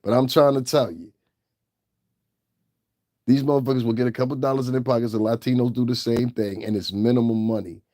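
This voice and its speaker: A man's voice: medium pitch, steady tone, fairly quick, pauses often, dark tone, dry recording, clean studio sound. Blunt, profane man ranting on his channel. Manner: scornful. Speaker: channel host. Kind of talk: ranting livestream commentary.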